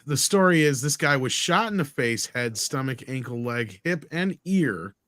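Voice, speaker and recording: Casual low-voiced panelist, dry sound. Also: animated, moderate pace, fairly bright tone, dry recording. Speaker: podcast panelist.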